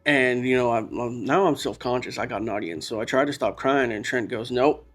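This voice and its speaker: With soft background music, a podcast guest, possibly a man, speaks briskly in a medium-pitched, fairly bright voice. He rambles and restarts while telling a personal story candidly and emotionally.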